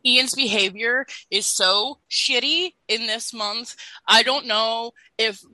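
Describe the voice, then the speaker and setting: A woman's voice: fairly high pitch, sharp tone, no room sound, low-quality recording. A woman in her thirties co-hosting a podcast, blunt and emphatic in casual chat. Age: 30s. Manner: emphatic, slow and blunt, swears when annoyed. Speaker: podcast co-host.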